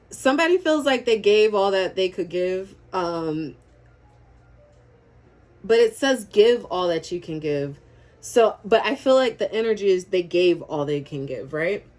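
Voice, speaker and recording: Woman tarot reader, casual and chatty, spiritual, quick to laugh, loose language. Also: medium pitch, lively intonation, darkish tone. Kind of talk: casual tarot reading to camera.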